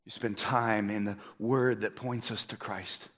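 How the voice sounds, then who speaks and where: A man preaching a sermon as a pastor, swinging from hushed, quiet passages to loud, emphatic ones. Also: lowish voice, steady tone, unhurried, few pauses. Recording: echoey hall reverb.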